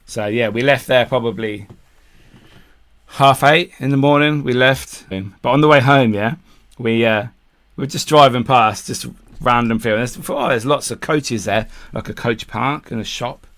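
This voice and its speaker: A man's voice: medium pitch, moderate pace, a bit bright. A man co-hosting a podcast, telling a long camping story in casual chat, swearing freely and acting out what people said. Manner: swears freely, acts out quotes, laughs mid-story. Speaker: podcast co-host.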